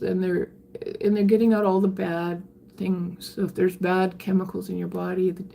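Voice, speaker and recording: An older woman talks on a casual live stream, her voice gravelly and mellow. She speaks candidly and reflectively, pausing and restarting her sentences as she answers comments from viewers. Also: medium pitch, flat delivery, a little hiss or hum. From Canada. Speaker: livestreamer reading viewer comments.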